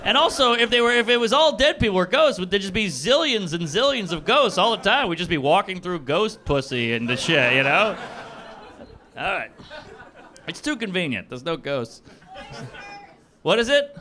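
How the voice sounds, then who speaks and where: Lively bright-voiced comedian. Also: male voice, high voice. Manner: rapid crude riffing, chuckles at his own jokes. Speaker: stand-up comedian. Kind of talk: improvised stand-up off audience suggestions. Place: comedy club stage before a live audience.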